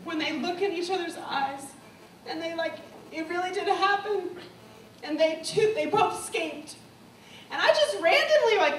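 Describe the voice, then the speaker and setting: Woman, stage speaker, blunt and emotional, high voice, echoey far-off room sound. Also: lively intonation, moderate pace, a bit bright. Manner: candid, swearing, swings from solemn to giddy. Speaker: guest speaker. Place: comedy club stage. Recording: echoey room, distant mic, faint noise.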